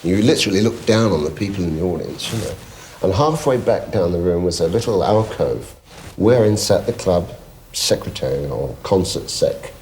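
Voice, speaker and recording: A man's voice: deep voice, a little hiss or hum. A middle-aged man, a guest singer telling anecdotes on a chat show, often laughing. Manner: lively storyteller, laughing often.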